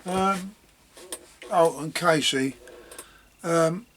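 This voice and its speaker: A man's voice: fairly high pitch, extremely slow, a bit bright, a little hiss or hum. A man rambling casually about his leatherwork in a home vlog, chuckling at himself as he goes. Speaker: leatherworking hobbyist.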